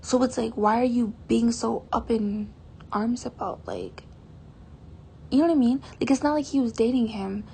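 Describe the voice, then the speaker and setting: A woman's voice: a little high, sing-song, normal speed, creaky, warm tone, a little hiss or hum. A teenage girl telling a story to camera in a casual vlog, chatty and exasperated, with lots of "like". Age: teens. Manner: chatty, exasperated, heavy use of "like". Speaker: vlogger.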